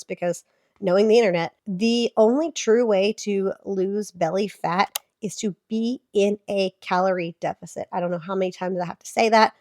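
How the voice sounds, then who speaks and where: A woman's voice: fairly low pitch, a little mellow, dry recording, studio quality. Chatty thirtysomething woman with a sick voice. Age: 30s. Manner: chatty, explanatory, filler-heavy. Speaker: fitness vlogger and therapist. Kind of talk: casual reaction commentary.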